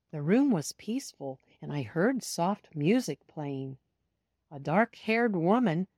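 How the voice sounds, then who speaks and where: Woman reading a children's story, slow, lively intonation, close dry mic. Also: on the low side, no room sound. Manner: slow, expressive storytelling that talks to young listeners. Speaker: storybook reader. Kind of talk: children's story read aloud, first person as a cat.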